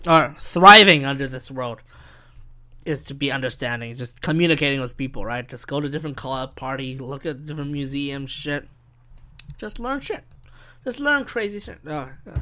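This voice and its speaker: A man's voice: medium pitch, expressive, normal speed, sharp tone. A young man hosting a solo podcast, rambling and swearing, often cutting himself off mid-sentence. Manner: rambling, profane, self-interrupting. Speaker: podcast host.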